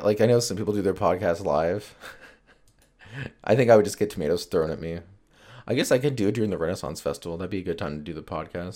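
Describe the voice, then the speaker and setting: Male podcast host, deep voice, rambling, foul-mouthed, jokey. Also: a little mellow. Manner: rambling, profane, joking. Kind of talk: casual solo podcast chat.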